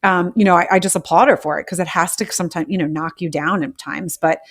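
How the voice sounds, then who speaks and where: Host: woman with a lower voice, effusive and warm toward her guest, lots of "you know.". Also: steady tone, fast talker. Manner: enthusiastic, filler-heavy, full of praise. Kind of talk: live audio show hosting.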